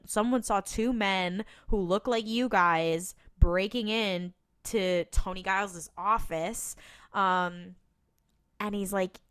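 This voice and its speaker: A woman's voice: on the low side, a bit bright, clean tone. Chatty woman recapping with lots of um and like. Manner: retells scenes with quoted lines, many fillers and laughs. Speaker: podcast co-host. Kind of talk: casual recap chat.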